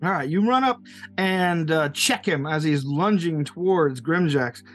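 A man's voice: on the high side, animated, a little slow, soft background music. A man narrating a tabletop game as game master, loose and rambling, laughing often.

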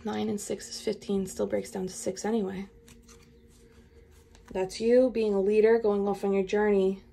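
A woman's voice: medium pitch, vocal fry. Chatty woman giving a tarot reading. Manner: animated, chatty, laughs often, talks straight to viewers. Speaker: tarot reader.

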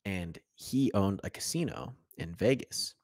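Young man, low voice, casual podcast storytelling, dry close sound. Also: expressive, a little mellow, dry recording. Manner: storytelling, quick bursts, laughing asides. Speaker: podcast co-host. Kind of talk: casual chat.

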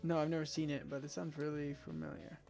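A man streaming a farming game and chatting casually with a friend, excitable and quick to exclaim, sounding tired. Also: on the high side, creaky, faint music behind. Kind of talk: casual gaming chat.

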